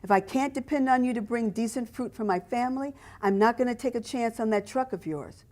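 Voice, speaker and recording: A firm father of a family, calm, plain-spoken and decisive, as a woman reading her book voices him. He speaks in a measured, steady way that ends arguments. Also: on the high side, pitched above the performer's own voice, lightly acted. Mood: stern.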